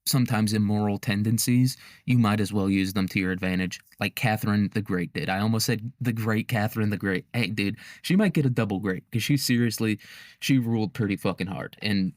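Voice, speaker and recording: Young man, podcast host, low voice, crude rambling jokes, laughs a lot, dry close sound. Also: a little fast, no room sound. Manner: crude, rambling, laughs often, heavy slang. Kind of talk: casual comedic history monologue.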